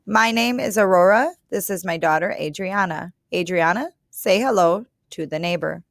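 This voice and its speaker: A storybook reader doing a sunny, polite mother who speaks only a little English, her short broken phrases pitched up and bright. The sound is dry and close. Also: normal speed, creaky, no room sound. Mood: friendly. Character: friendly immigrant mother, cheerful, little English.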